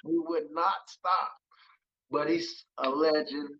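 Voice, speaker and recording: A man's voice: a little high, steady tone, takes it slowly, breathy edge, highs cut off. A man from West Virginia, a musician guest, telling stories animatedly in casual conversation and laughing often.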